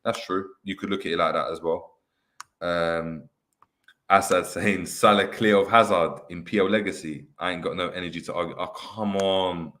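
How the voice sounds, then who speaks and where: Young male host, low voice, banters and reads out viewer comments. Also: fairly even intonation, moderate pace, fairly bright tone. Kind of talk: casual football chat. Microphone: webcam on video call.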